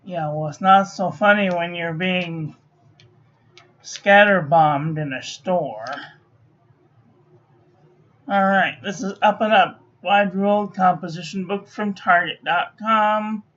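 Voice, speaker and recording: A sleepy woman giving dry, low-key commentary while testing ink on paper. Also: slow pace, pauses often, fairly bright tone. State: sleepy, yawning. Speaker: stationery reviewer. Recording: dull lo-fi recording.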